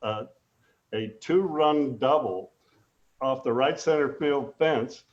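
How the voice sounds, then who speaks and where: An older man, a former ballplayer, telling animated stories in a casual interview, acting out the voices he quotes. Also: medium pitch, slow, roomy sound, muffled recording. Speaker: guest, former baseball player.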